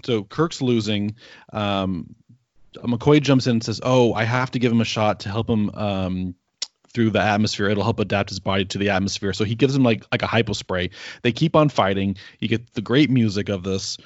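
A man's voice: fairly low pitch, normal speed, dry recording, highs cut off. A man co-hosting a podcast, casually recapping the plot with fillers and laughter. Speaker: podcast co-host. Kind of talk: casual chat recapping an episode.

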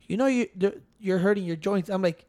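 Very high-voiced man teasing in slang. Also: fairly quick, darkish tone. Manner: teasing, profane, mixing English and Spanish. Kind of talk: casual chat.

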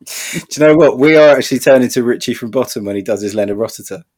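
A man's voice: medium pitch, quick pace, darkish tone. A man co-hosting a casual film chat, joking, swearing and slipping into impressions. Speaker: podcast co-host.

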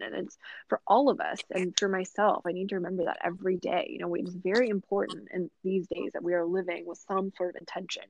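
A woman talks easily as a podcast guest, thoughtful and chatty, with plenty of "you know" and light laughter. Her voice is mid-pitched. It comes through a dull, muffled, lo-fi recording with no room echo. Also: steady tone, fast. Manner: chatty and reflective, many "you know" fillers, laughs often. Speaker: guest, yoga teacher and mother. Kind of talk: casual podcast conversation. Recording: dull, lo-fi sound.

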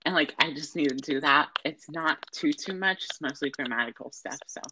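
Rambling low-voiced teen girl. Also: moderate pace, noisy background. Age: late teens. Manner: rambling, hesitant. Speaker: podcast co-host. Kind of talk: casual chat.

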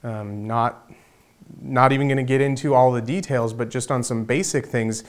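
A man's voice: mid-range voice, fairly even intonation, moderate pace. Earnest male pastor preaching a sermon. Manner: earnest, repeats words, rises to emphatic points.

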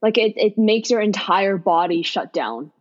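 A woman co-hosting a podcast in casual chat, reacting with quick interjections and talking about her own experience. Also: mid-range voice, animated, dull audio. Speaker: podcast co-host.

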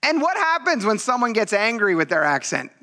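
A man preaching a sermon as a pastor in a lively, conversational way, often acting out the voices of the people he quotes. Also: sits high, fairly quick.

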